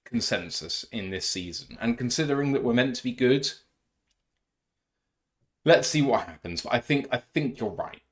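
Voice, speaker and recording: A man co-hosts a casual live stream and keeps reading viewer messages aloud between jokes. His voice sits at an ordinary middle pitch. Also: lively intonation, moderate pace. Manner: reads out chat messages, chatty and joking. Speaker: podcast co-host.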